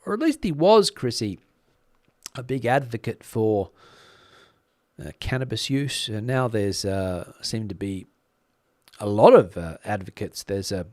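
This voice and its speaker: A man's voice: fairly low pitch, lively intonation, unhurried, darkish tone, no room sound, clean studio sound. A middle-aged man with an Australian accent, casually chatting on a live stream, rambling with plenty of fillers and restarts. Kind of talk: casual live-stream chat reading comments.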